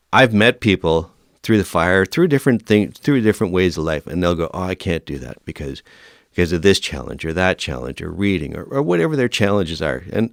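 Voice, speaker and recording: A man in his fifties with a low, smooth, resonant voice tells stories as a guest on a podcast. He acts out the lines of the people in his stories as he goes. The recording is close and dry, with no room echo. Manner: lively storyteller who acts out quoted dialogue. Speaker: podcast guest, veteran firefighter. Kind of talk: casual storytelling interview.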